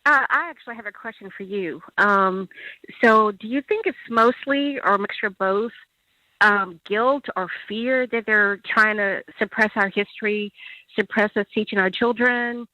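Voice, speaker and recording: A woman's voice: medium pitch, normal speed, pushed and bright, no echo, low-quality recording. A woman from Louisiana calling in to a talk show, asking a question hesitantly with many fillers. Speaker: caller. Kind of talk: call-in question.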